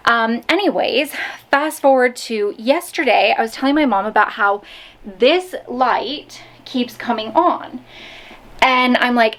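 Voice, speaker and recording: A woman's voice: a little high, measured pace, fairly bright tone. A woman chatting casually to camera at home in a daily vlog, telling stories with lots of fillers. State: out of breath. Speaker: vlogger. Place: home kitchen and bedroom.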